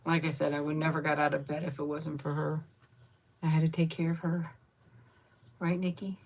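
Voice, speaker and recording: Channel host, woman in her 50s, low gravelly voice, casual chat and baby talk. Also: flat delivery, normal speed. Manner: coos baby talk at her pet, thanks viewers by name.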